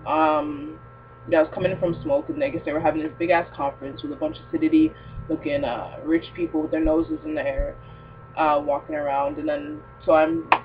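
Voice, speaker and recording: A young woman tells stories to camera for her vlog in a casual, profane, animated way, full of fillers and slang. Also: deep voice, muffled recording, noisy background. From Toronto, Canada. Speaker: vlogger.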